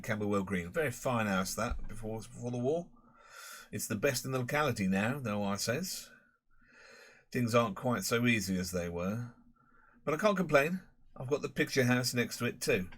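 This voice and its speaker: A man's voice: medium pitch, close to an everyday voice. A man doing a boastful Cockney publican. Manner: chatty, boastful, rambling. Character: boastful middle-aged male London pub owner and ex-crook.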